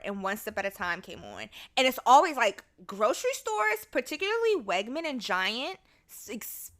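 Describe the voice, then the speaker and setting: A young woman's mid-range, somewhat bright voice carries her own casual podcast. Alone at the mic, she chats with plenty of profanity and breaks into song from time to time.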